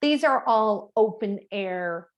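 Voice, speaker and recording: A middle-aged woman talks clients through a trip in a loose, friendly presentation. Her pitch sits in the middle of the female range. She rambles a little, drops in fillers and corrects herself as she goes. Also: lively intonation, slow pace. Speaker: travel agent presenting a group cruise.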